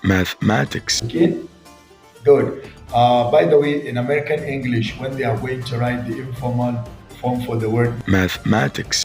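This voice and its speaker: A man's voice: medium pitch, darkish tone. Male pronunciation teacher, patient and encouraging, spells out words, echoey room, faint music. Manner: spells words out letter by letter, repeats corrections; addresses listeners directly, encouraging. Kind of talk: pronunciation lesson.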